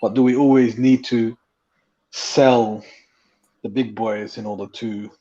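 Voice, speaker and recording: A man's voice: on the low side, fairly even intonation, measured pace, dark tone, muffled recording. A man in a casual fan panel chat, hesitant with many restarts as he makes his point.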